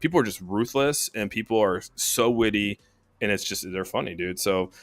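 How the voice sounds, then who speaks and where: A man's voice: lowish voice, normal speed, dry recording. A man in casual chat, rambling and swearing a lot, saying "dude" often. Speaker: co-host.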